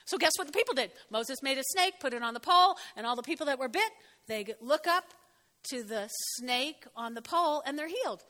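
A middle-aged woman giving a lively sermon, animated and often laughing, swinging from loud to soft. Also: high voice, a little fast. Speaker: preacher.

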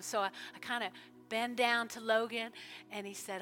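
A woman pastor preaching in a church service, fervent, with sudden loud bursts and soft prayerful stretches. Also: a little high, fairly even intonation, moderate pace, soft background music. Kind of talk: sermon with altar call prayer.

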